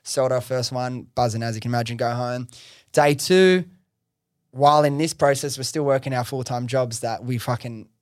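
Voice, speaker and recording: A young man in the guest chair of his own podcast recounts his story in a lively, slangy way, swearing freely and scattering fillers. His voice sits at an ordinary middle pitch. It is recorded close and dry, with no room sound. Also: moderate pace, dry recording. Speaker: podcast host interviewed as guest, business founder. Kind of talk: casual interview storytelling.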